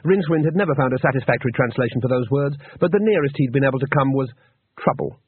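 Husky man narrating a story, tinny. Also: mid-range voice, animated, quick pace. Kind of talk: audiobook narration. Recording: tinny narrow-band recording.

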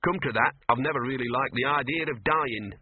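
A man doing a hoarse, gruff talking dog. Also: mid-range voice, a little fast, dry recording, close to an everyday voice. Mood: weary. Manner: gruff, rough street grammar. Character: scruffy, weary, wisecracking small male dog. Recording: narrow phone-like radio sound.

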